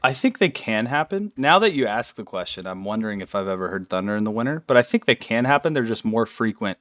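A young man co-hosting a casual faith podcast, excitable and prone to loud whoops of joy. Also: lowish voice, quick pace. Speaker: podcast co-host. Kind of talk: casual chat.

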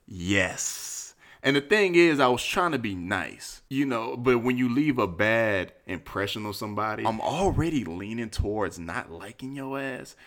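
A man hosting a podcast, telling a story in a casual, profane, animated way and acting out quotes in high voices. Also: unhurried, few pauses. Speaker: podcast host.

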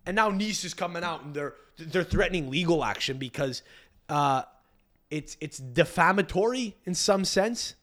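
A man's voice: on the high side, animated, normal speed, a bit bright. A young man hosting a podcast, riffing casually with crude profanity and rambling restarts. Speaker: podcast host.

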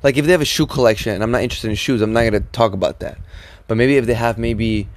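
Chatty man giving advice, animated. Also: medium pitch, fast, dry recording. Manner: animated, rambling with restarts. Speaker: podcast co-host. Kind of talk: casual advice chat.

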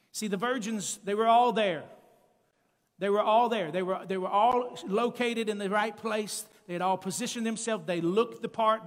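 A male preacher delivering an emphatic sermon, calling out to the congregation and building up to shouted peaks. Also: sits high. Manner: calls to the congregation. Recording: long church-hall reverb.

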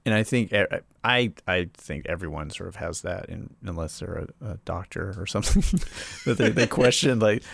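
Gravelly, deep-voiced man rambling in conversation. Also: expressive, moderate pace, fairly bright tone, dry recording. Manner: rambling, heavy on filler words. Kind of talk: casual chat.

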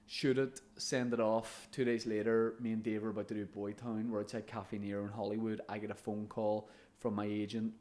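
A man's voice: fairly low pitch, level tone, brisk, hardly any pauses, darkish tone. A man, a comedian and podcast co-host, telling stories in casual chat, laughing often and swearing now and then.

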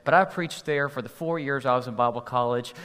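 A man's voice: mid-range voice, a little fast, a bit bright. A male pastor preaching a sermon in a conversational, storytelling way with humor, heard in an echoey hall.

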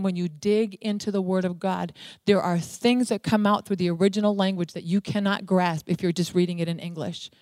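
A woman's voice: medium pitch, mellow, dry recording. A woman preaching a sermon, emphatic, dwelling on single words and repeating them for weight.

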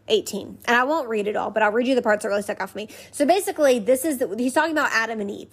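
A woman's voice: fairly high pitch, racing, hardly any pauses, slightly rough. A woman hosting a faith podcast, teaching conversationally and repeating key phrases in an emphatic rhythm while inviting listeners to say them back. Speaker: podcast host.

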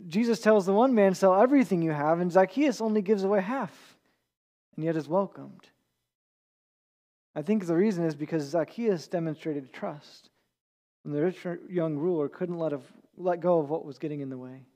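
A man with a high voice preaching an earnest sermon. He speaks conversationally and now and then stumbles and repeats a word as he gathers his thought. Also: moderate pace, dark tone. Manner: earnest, with small restarts and repeated words. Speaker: pastor.

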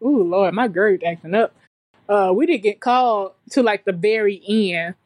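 A young woman talks easily as a guest, mid-pitched and conversational, with plenty of casual fillers. Her voice sits close and dry, with little room sound. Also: moderate pace, dry recording. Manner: relaxed, chatty and colloquial, with frequent fillers. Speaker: podcast guest, nursing graduate. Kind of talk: casual storytelling chat.

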